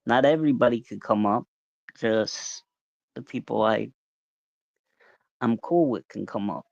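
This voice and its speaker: A man hosting a casual livestream, relaxed and rambling, greeting viewers by name as they join. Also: mid-range voice, a little slow, creaky, no echo. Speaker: livestream host. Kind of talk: casual live-stream chat. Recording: dull, lo-fi, dry sound.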